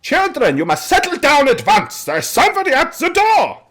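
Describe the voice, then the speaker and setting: A man voicing a frazzled, flustered headmistress in her fifties, speaking in a high, fluttery and apologetic voice. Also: huge pitch swings, moderate pace, fairly bright tone, heavily acted. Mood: stern. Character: frazzled, flustered middle-aged woman headmistress of an orphanage.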